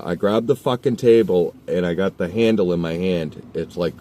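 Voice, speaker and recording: Low, dark-voiced man swearing through a story. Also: moderate pace, a little hiss or hum. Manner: heated, heavily profane storytelling; rambling, with restarts and fillers. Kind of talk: casual spoken anecdote.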